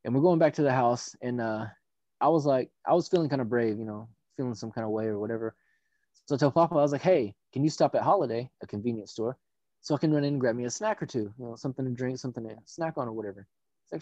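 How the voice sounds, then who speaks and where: A man's voice: medium pitch, fast talker, dry recording. A man telling a long story in casual chat, rambling and profane, acting out the people he quotes. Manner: rambling, profane, animated retelling with quoted voices. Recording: dull dry audio.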